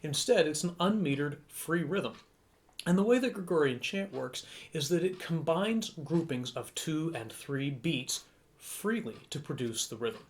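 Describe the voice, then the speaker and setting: Young American male music teacher, mid-pitched, patient, counts beats aloud as he demonstrates. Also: a little slow. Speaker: music director teaching chant. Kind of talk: explanatory lesson.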